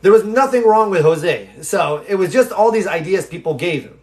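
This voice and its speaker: A man's voice: high voice, normal speed. A man hosting a live stream, telling a story in a loose, talkative way and acting out the voices of the people in it. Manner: animated storyteller who acts out quoted people in the story; loose and talkative, with fillers and restarts. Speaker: live stream host answering viewer questions.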